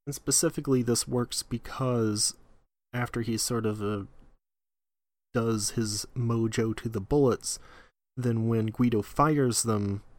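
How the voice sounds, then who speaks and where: A man's voice: medium pitch, fairly even intonation, slow, darkish tone, no room sound. A man co-hosting a podcast, chatting casually with wry, joking asides. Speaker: podcast co-host. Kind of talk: casual chat recapping an anime episode.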